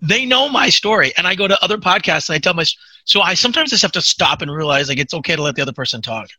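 Podcast host, male, fast-talking, dry close sound. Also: high-pitched, no echo, low-quality recording. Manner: quick, animated, chatty. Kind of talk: casual chat, storytelling.

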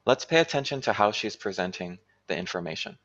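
A man presenting an online workshop for teachers, explaining clearly and checking in with "right?" often. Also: fairly low pitch, expressive, a little fast, a bit bright, dull audio. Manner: clear instructional talk with frequent "right?". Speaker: teacher trainer.

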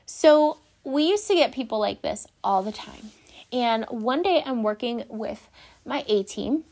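A young woman, a former shift supervisor, telling work stories in a casual, animated way, swearing freely and acting out the people involved. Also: a little high, unhurried. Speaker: vlogger, former coffee shop shift supervisor. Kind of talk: casual storytelling rant.

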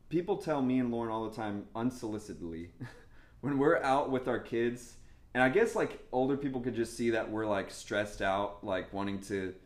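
A young man preaching a sermon in a casual, animated way, with laughs and asides. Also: mid-range voice. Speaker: pastor. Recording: echoey room.

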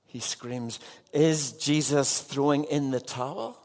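A man's voice: medium pitch, fairly even intonation, slow, a little mellow. A man preaching an evening sermon as a pastor, earnest and putting direct questions to his congregation.

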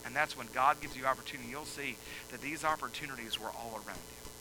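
A male pastor preaching a sermon, moving from quiet explaining to loud, emphatic preaching. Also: mid-range voice, fast, background noise.

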